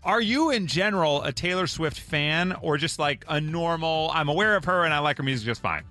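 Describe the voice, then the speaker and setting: A man hosting a morning radio show, playful and quick to laugh. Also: fairly high pitch, lively intonation, sharp tone. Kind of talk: casual radio banter. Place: radio studio.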